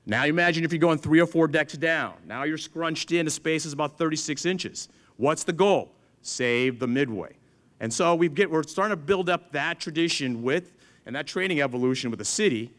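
Middle-aged guy giving a talk, kinda high voice, tells stories and does everyone's lines. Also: moderate pace, fairly bright tone. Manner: storytelling, acts out dialogue with others. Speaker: museum chief engineer giving a talk. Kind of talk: animated speech to an audience.

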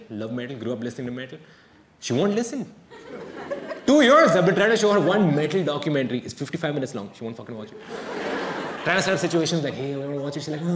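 Deadpan young man, lively stand-up delivery. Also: fairly high pitch. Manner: deadpan, with sudden exasperated outbursts in quoted asides. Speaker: stand-up comedian. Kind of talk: stand-up comedy routine. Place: theatre stage before a live audience. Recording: roomy live venue with crowd noise. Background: audience laughter.

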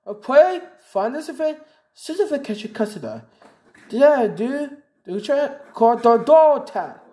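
A woman playing a horror game, talking in excitable, exclamatory bursts and swearing at it. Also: sits high, a little slow, poor audio. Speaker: gamer. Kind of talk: let's play commentary. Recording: loud background noise.

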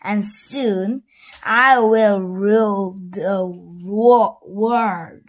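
A woman reading aloud and putting on a raised voice for an evil mad male mouse doctor who shouts threats slowly. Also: mid-range voice. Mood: menacing. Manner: shouting threats, slow and loud.

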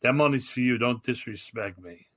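A man's voice: mid-range voice, brisk, fairly bright tone, lightly acted. A man voicing a tough older mafioso who talks bluntly and curses. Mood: stern. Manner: blunt, profane threats.

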